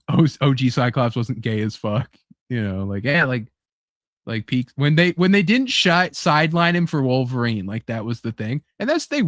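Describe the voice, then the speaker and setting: A man hosts a loose, casual chat, his voice sitting a little high as he rambles excitedly through fillers and curses. The sound is dry and close with no room around it. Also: no room sound. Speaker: podcast host.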